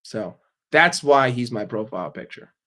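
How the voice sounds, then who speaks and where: A man with a voice of middle pitch hosts a live stream and answers his chat in a loose, casual way. He talks bluntly, swears a lot and makes quick jokes. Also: expressive, pushed and bright. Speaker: livestream host.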